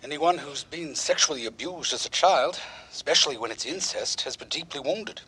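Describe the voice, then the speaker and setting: A man voicing a sober psychologist giving counsel over the radio. He speaks in a measured, steady way. His voice is husky. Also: on the high side, full character voice, poor audio. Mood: grave. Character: grave male radio psychologist.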